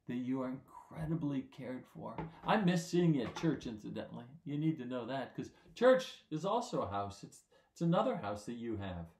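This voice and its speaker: Gentle pastor talking to children. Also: male voice, mid-range voice, reverberant, a little hiss or hum. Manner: gentle, simple words for children, often checks with "right?". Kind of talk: children's sermon.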